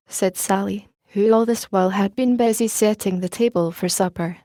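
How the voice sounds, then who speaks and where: A woman reading an audiobook in a measured, even storytelling manner. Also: medium pitch, no room sound. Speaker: audiobook narrator. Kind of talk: audiobook narration.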